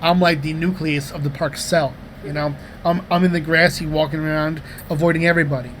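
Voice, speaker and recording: A man in his thirties with a slightly higher voice tells loose, profane stories on a comedy podcast. He talks in a casual, animated way with lots of restarts. A faint hiss sits under the recording. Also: a little fast. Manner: rambling, profane, animated anecdotes. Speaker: podcast co-host.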